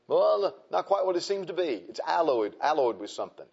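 A man's voice: fairly high pitch, big pitch swings, brisk, vocal fry, few pauses, a little mellow, breathy edge, highs cut off. A man preaching a sermon in a folksy, conversational way, asking his listeners frequent rhetorical questions.

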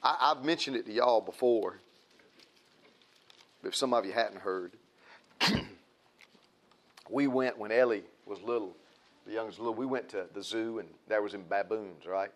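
A man's voice: lowish voice, normal speed, long pauses, fairly bright tone. A man preaching a sermon in a folksy, repetitive way, building emphasis.

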